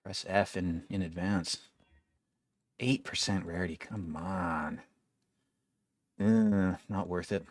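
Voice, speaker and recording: A man's voice: low voice, steady tone, takes it slowly, long pauses, no room sound. A young man giving casual gameplay commentary, wry and complaining, swearing freely as he plays. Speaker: gaming video creator.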